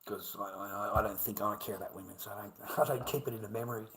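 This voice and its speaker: A man's voice: fairly low pitch, steady tone, fast, a bit bright, low-quality recording. A middle-aged man with an Australian accent, rambling through a profane livestream monologue and calling his viewers mate.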